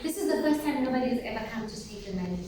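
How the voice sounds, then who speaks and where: A woman giving an animated motivational workshop talk to teenage girls, asking them questions and calling for their replies. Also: a little high, racing, over a noisy crowd. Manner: animated, asks the audience questions and calls for replies. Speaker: workshop speaker for teen girls. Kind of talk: motivational talk to a live group. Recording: very echoey room, voice from far off, faint noise.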